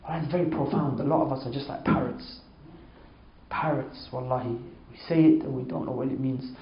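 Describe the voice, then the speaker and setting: A man's voice: fairly quick, slight background noise. A man giving an informal religious talk, storytelling emphatically and repeating oaths for stress. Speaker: Islamic speaker. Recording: echoey, dull low-fi sound.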